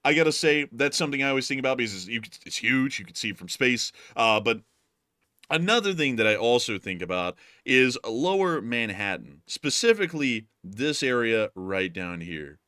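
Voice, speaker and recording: A man with a Southern American accent chats loosely and jokes with his co-host. His voice is bright and forward, and it sounds dry and close with no room around it. He often slips into loud put-on voices for gags. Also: medium pitch, very animated, normal speed, no echo. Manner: jokey, laughs often, puts on loud voices for bits. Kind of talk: casual joking chat.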